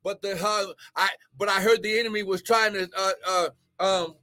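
Fervent high-voiced male preacher. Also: steady tone, normal speed. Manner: fervent, shouting exclamations, speaking in tongues. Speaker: pastor and prophet. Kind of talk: charismatic live-stream sermon. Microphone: live-stream microphone.

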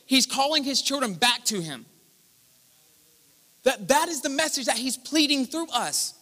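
A pastor preaches live to his church, his voice unusually high and bright. He builds from conversational teaching to impassioned proclamations. The sound rings with the long reverb of the hall. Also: lively intonation, unhurried, pauses often. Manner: impassioned preaching that rises to loud declarations. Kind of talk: sermon.

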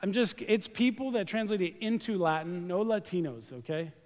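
High-voiced joking pastor in a reverberant church. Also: male voice, normal speed. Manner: joking, animated, talks to the congregation directly. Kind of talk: lively conversational sermon. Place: church sanctuary during a service. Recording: live church recording with long hall reverb.

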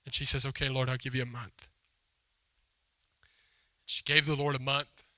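A man preaching to a congregation, retelling a story and voicing its lines with conversational emphasis. His voice is strikingly bright and forceful. The sound is close and dry, with little room echo. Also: medium pitch, little pitch movement, normal speed. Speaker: pastor. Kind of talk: sermon. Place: church hall before a congregation.

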